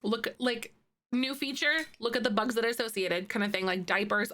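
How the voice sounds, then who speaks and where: Bright, chatty woman streamer. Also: fairly high pitch, fairly quick. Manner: chatty, laughs often, filler-heavy. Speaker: live streamer. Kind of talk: casual chat with viewers while playing.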